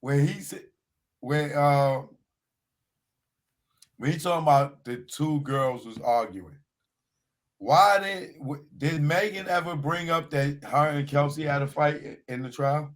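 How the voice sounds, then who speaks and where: A man's voice: fairly high pitch, a little slow, long pauses. A man hosting a live panel talk show, interrupting with probing questions. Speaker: host.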